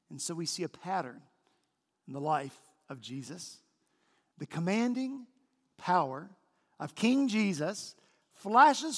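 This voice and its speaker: A male pastor preaching a sermon in a large church, with emphatic, slowly stressed phrases. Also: high-pitched, a bit bright. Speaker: senior pastor. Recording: long church hall reverb.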